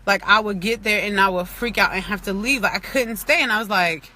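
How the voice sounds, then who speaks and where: Earnest woman with a bright voice. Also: medium pitch, fairly quick. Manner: chatty, full of "like" and "you know"; earnest, near tears at times. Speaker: faith vlogger. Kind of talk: casual testimony on a livestream.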